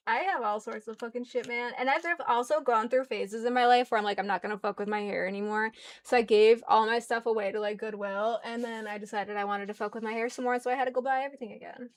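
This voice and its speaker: A woman chatting casually as a co-host, relaxed and swearing easily. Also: a little high, fast talker. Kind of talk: casual chat.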